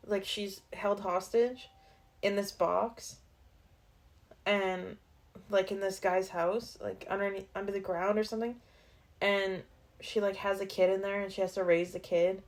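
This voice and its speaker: A young woman co-hosting a podcast, chatting casually with frequent fillers and hesitations. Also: mid-range voice. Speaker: podcast co-host. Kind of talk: casual chat.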